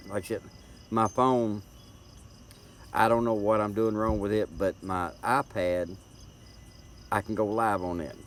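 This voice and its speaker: A middle-aged man with a Tennessee Southern accent and a somewhat low voice talks in a folksy, rambling way, often repeating words as he goes. He speaks casually to viewers on a live stream, picked up by a tablet's built-in mic. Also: a little hiss or hum. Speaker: livestream host.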